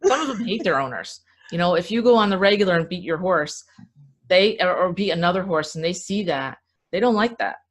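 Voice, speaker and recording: A woman guest in a casual interview, an animated storyteller who chuckles as she talks. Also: fairly low pitch, fairly quick.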